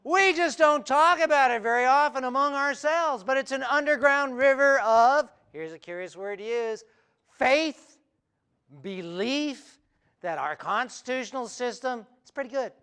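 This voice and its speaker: A middle-aged man with a fairly high voice, speaking to an audience as he draws. He is playful and quick-witted, full of wry asides. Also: expressive, sharp tone, clean tone. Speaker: cartoonist and speaker. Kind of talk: humorous live talk. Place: event hall before an audience.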